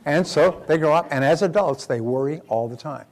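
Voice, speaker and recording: A man's voice: a little high, normal speed. An older man, a motivational speaker, lecturing in an emphatic, repetitive way and telling anecdotes with acted-out quotes.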